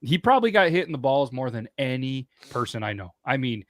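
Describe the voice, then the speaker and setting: Bright, joking podcast man. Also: mid-range voice, sing-song, fairly quick, no room sound, studio quality. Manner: joking, crude humor, runs the show segments. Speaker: podcast co-host. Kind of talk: casual comedic banter.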